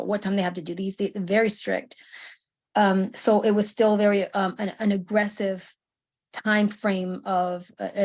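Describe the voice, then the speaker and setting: A woman's voice: medium pitch, a little mellow. A woman in her thirties, a veteran on a panel, telling her story casually over a video call, with many fillers and restarts.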